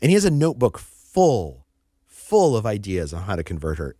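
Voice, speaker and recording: A man appears as an author guest, his fairly low voice leaping up and down as he tells a story with animated energy. He repeats words as he builds momentum and briefly acts out the people in the story. The recording is dry and close. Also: normal speed, no room sound.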